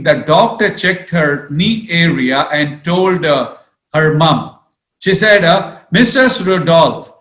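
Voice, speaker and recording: A priest giving a sermon, telling a story slowly with many fillers and acting out the people in it. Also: male voice, on the high side, a bit bright, reverberant, low-quality recording. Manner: slow, repeats "okay" and "uh", acts out quoted voices.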